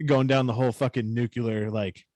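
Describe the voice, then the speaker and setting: A man's voice: mid-range voice, steady tone, normal speed, a little mellow, no echo. A man co-hosting a podcast, telling a story in casual, profane chat with a New England accent. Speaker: podcast co-host.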